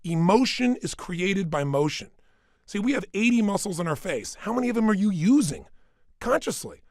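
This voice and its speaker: A middle-aged man delivers an energetic motivational talk, leaping between hushed asides and loud, emphatic bursts. His pitch sits fairly high for a man and moves with a lively range. He speaks close to a studio microphone with a dry, dead sound. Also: normal speed, dry recording. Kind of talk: motivational talk recorded for audio program.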